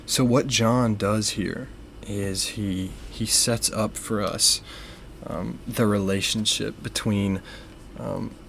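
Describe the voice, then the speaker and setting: A young man co-hosting a faith podcast, explaining ideas in a measured way with frequent fillers. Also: fairly low pitch, slight background noise. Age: young adult. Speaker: podcast co-host. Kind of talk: casual faith discussion.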